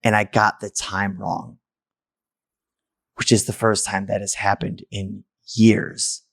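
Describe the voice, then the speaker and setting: A man's voice: on the low side, little pitch movement, takes it slowly, creaky, fairly bright tone. A man, a podcast host, telling a personal story candidly and emotionally, stammering and restarting as he goes.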